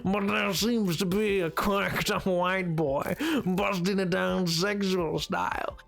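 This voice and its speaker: A man's voice: high-pitched, steady tone, slow, gravelly, a bit bright, faint music behind, full character voice. A man impersonating Nigel Thornberry, plummy explorer. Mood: mock-alarmed. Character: eccentric adventurous male cartoon naturalist.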